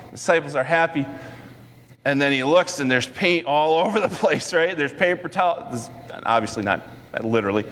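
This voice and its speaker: A man preaching a sermon as pastor, telling stories in a lively way and acting out quotes with sudden high-pitched outbursts. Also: a little fast. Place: church sanctuary. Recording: church sanctuary with long reverb.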